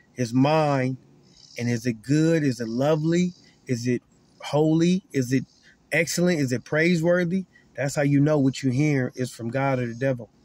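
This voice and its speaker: A man's voice: mid-range voice, darkish tone, no echo. A man who calls himself a prophet, preaching straight to the camera in an emphatic way, restarting and repeating his words for emphasis. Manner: repeats key lines for emphasis. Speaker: self-described prophet.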